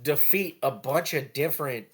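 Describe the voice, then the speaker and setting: A man co-hosting a casual anime podcast, talking in a loose, animated way and breaking into quick character impressions. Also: a little high, slightly rough. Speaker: podcast co-host.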